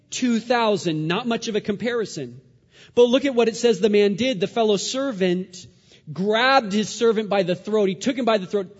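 Man preaching with dramatic loud-soft swings. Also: sits high, long reverb tail, highs cut off. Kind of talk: sermon.

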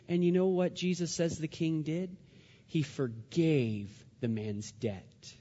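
Male preacher, fairly high voice, sermon with big dynamic swings, long hall reverb, muffled recording. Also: measured pace. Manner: dramatic, swings from hushed to loud.

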